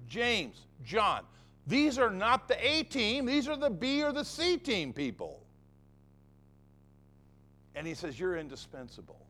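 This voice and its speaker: A man's voice: high voice, fairly bright tone. A man preaching a sermon as pastor of his church, emphatic and fond of repeating phrases for effect.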